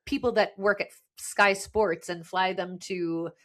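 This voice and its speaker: A woman from the United States hosts a casual podcast conversation. Her voice sits a little low, and she talks earnestly and frustratedly, circling back and restarting her sentences as she goes. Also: steady tone, a little slow, a bit bright. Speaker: podcast host.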